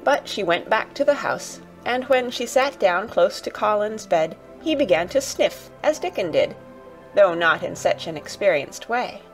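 A woman narrating a children's audiobook in a gentle, even storytelling manner. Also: mid-range voice, measured pace, soft background music.

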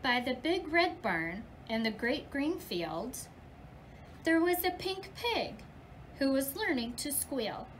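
A woman preschool teacher reads a picture book aloud to young children, slowly and with care. Her voice sits high and swoops widely as she gives the lines an expressive storybook lilt, breaking into playful animal noises along the way. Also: slight background noise, low-quality recording.

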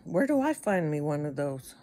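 A woman's voice: low-pitched, big pitch swings, moderate pace, mellow. A middle-aged woman from the United States chatting casually to her viewers, rambling with stammered restarts and wry asides. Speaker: vlogger. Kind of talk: casual chat to camera.

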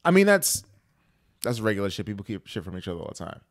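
A man in his thirties hosting a podcast, talking bluntly and profanely in casual banter, getting loud when he argues. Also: fairly low pitch, sing-song, fast, dry recording, studio quality. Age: 30s. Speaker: podcast host.

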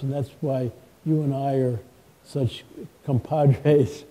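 A man speaking as a guest author in a live stage conversation, telling folksy anecdotes with lively quoted dialogue. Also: mid-range voice, slow, low-quality recording.

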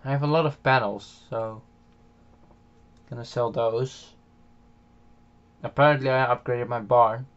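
A man with a Dutch accent talks through a farming game in a relaxed, halting way, often pausing on filler sounds and starting phrases over. His voice sits at a middling pitch. The home mic sounds dull and lo-fi. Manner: hesitant, many filler sounds and restarts. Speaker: game channel host. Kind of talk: casual gameplay commentary voiced afterwards.

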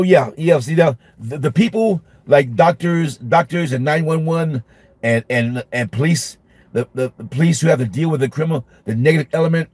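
A middle-aged male minister giving an informal Bible study, emphatic and repetitive, sometimes acting out shouting at a class. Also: a little high, breathy edge, no room sound. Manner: emphatic, repeats phrases, acts out shouting at a class.

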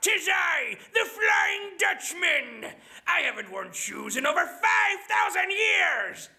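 A man voicing a wailing, ghostly old male sea captain in a cartoon voice impression, shouting in a gravelly voice. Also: very high-pitched, wildly swooping pitch, slow pace, a faint crowd, pitched above the performer's own voice, heavily acted. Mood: bellowing.

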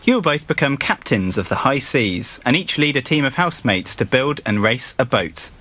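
A man's voice: medium pitch, big pitch swings, moderate pace, sharp tone. A man making playful, formal announcements to the people in a house.

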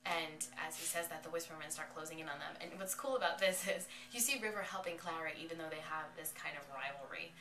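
A woman excitedly recapping a TV episode in a casual, rambling way, her voice bright and forceful. She sits back from the mic in a roomy, echoing space with a faint hum behind her. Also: deep voice, fast, few pauses. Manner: excited, chatty retelling full of "like". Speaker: TV episode reviewer. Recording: echoey, distant from the mic.

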